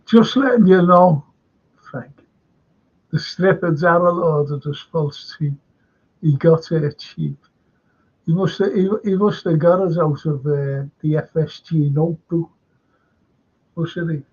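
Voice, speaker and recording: A man's voice: on the high side, a little slow, pauses often, darkish tone, breathy edge, muffled recording. A man with a Scouse accent hosting a live stream, chatting in a meandering way and reading out viewer comments. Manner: meandering, chatty, self-interrupting.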